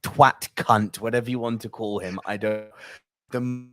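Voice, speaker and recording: A man's voice: lowish voice, fairly even intonation, a little slow, a bit bright. A young man co-hosting a movie podcast, ranting with plenty of profanity in casual chat. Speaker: podcast co-host.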